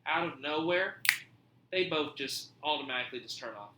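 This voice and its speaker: A man hosting a podcast, telling a story in a casual, animated way, swearing freely and acting out what people said. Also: on the high side, normal speed, reverberant, background noise. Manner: animated, profane, acts out quoted dialogue. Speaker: podcast host.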